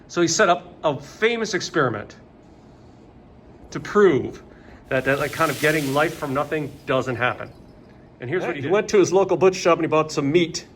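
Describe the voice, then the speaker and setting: A jokey man teaching a casual video lesson, fairly high voice, light background noise. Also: lively intonation, moderate pace. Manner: jokey and rambling, many fillers.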